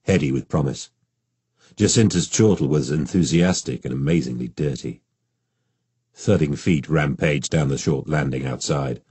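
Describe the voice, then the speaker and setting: A man narrating an audiobook in a measured, steady storytelling manner, recorded on a close studio microphone. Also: rumbling low, husky, no room sound.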